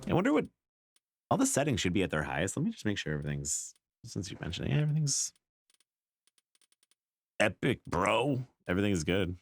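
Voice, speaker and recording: A man's voice: lowish voice, huge pitch swings, racing, gravelly, soft background music. A man streaming a video game, chatting in a laid-back, joking way. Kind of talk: casual gameplay commentary.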